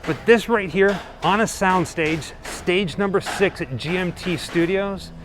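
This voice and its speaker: A man's voice: sits high, measured pace, background noise. A man hosting a casual vlog, talking in an upbeat, conversational way as he walks onto a studio lot. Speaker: host. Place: outdoors on a studio lot, then inside a soundstage.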